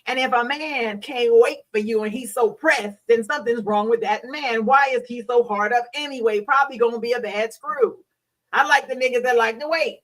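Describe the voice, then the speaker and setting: A woman's voice: on the high side, moderate pace, fairly bright tone, far from the mic, low-quality recording. A middle-aged woman talking frankly and bawdily to her audience, preachy and laughing often. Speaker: host; hospital worker. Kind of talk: candid solo talk.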